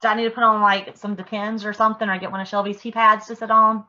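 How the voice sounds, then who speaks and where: A woman in her thirties co-hosting a casual chat, excitable and gushing, and she swears when surprised. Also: medium pitch, fast talker, lo-fi sound. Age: 30s. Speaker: podcast co-host.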